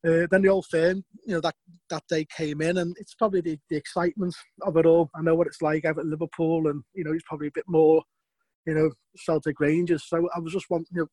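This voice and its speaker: A man's voice: on the high side, little pitch movement, quick pace, darkish tone, no room sound, poor audio. A man recalling his football career in an interview, talking hesitantly with many fillers and restarts. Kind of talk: interview answer, casual recollection.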